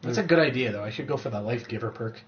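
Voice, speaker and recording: A man's voice: mid-range voice, fast talker, muffled recording. A man playing a video game with a friend, chatting casually and reading menu text aloud. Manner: chatty, reads game menus aloud, self-mocking. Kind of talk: casual let's-play commentary.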